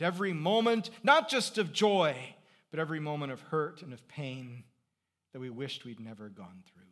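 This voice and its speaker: A middle-aged man preaching a sermon as pastor, conversational, swinging from loud emphasis to quiet reflection. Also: a little high.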